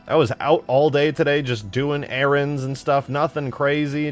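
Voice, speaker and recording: A man's voice: medium pitch, normal speed, hardly any pauses, soft background music. A young man casually streaming while modding a game map, rambling and swearing in slangy talk.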